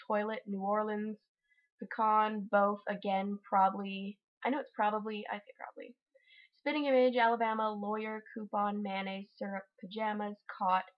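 A woman's voice: medium pitch, dull audio. A young woman from Utah with a Utah accent, chatting casually and reading a word list with wry, offhand humor. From Utah, USA. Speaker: vlogger.

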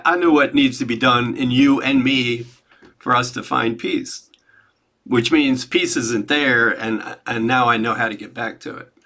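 Male group member, bright tone, reflective, stammering. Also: medium pitch. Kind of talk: casual spiritual discussion.

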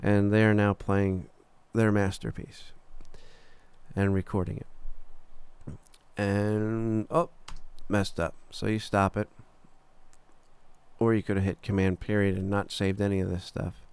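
A man teaching a recording workflow in a screen-recorded tutorial, relaxed and casual, talking through each step with filler words and the odd "boom". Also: a little slow, pauses often, smooth. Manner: relaxed, talks through steps as he clicks, frequent "uh" and "boom". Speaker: recording engineer teaching software.

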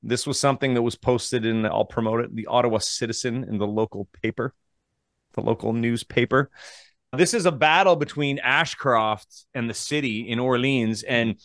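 A man with a Canadian accent co-hosting a podcast as a realtor, chatting casually and relaxed, with frequent fillers. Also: medium pitch, normal speed, no echo, studio quality. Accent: Canadian English. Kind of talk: casual chat.

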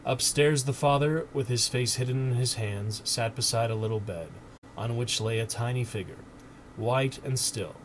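Streamer reading a storybook aloud, mid-pitched man, gentle and expressive, faint hiss behind. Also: normal speed.

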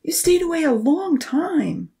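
A woman's voice: high-pitched, big pitch swings, measured pace, creaky, warm tone, voice pushed up, heavily acted. A woman voicing an anxious, caring young male friend in a storybook, pleading and raised.

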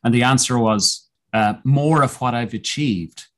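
Earnest man recounting a personal ordeal. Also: mid-range voice. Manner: reflective, earnest, with frequent restarts and pauses. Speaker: podcast guest, mountaineer. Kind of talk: personal storytelling in an interview.

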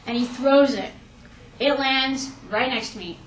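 Young woman telling a lively story. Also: high voice, measured pace, far from the mic, slight background noise. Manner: lively, animated retelling with quoted asides. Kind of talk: personal storytelling. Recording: echoey room, faint ambience.

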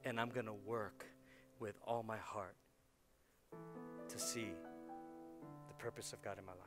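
A man in his forties, a pastor preaching a lively sermon, laughing often and repeating words as he gets worked up. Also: fairly low pitch, measured pace, loud music behind the voice. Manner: animated, laughing, repeats words when excited.

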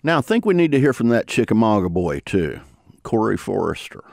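A man's voice: on the low side, very animated, fairly quick, gravelly, a little mellow. Folksy man hosting a podcast. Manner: folksy, conversational, joking. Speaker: podcast host. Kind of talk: relaxed interview hosting.

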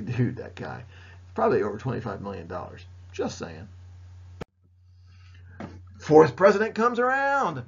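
Jokey male teacher, raspy, lo-fi lecture recording. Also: fairly high pitch. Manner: playful, jokey, talks straight to students. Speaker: history teacher. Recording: dull lo-fi recording.

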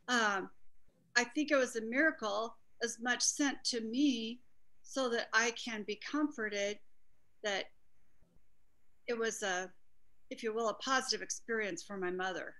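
A middle-aged woman in a church group sharing a personal story, earnest and halting. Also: fairly high pitch, steady tone, sharp tone, low-quality recording. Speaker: group participant.

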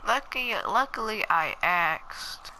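Sharp-voiced woman doing slangy game commentary. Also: medium pitch, expressive, takes it slowly, slight background noise, poor audio. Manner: slangy, chatty, mutters asides to herself while playing. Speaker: gaming channel host. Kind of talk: casual gameplay commentary.

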